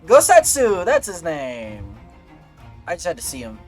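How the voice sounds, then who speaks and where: A man's voice: mid-range voice, expressive, a little slow, faint music behind. A man streaming a video game, chatting casually in a playful, rambling, self-mocking way while sleepy and yawning. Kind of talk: casual gameplay chat.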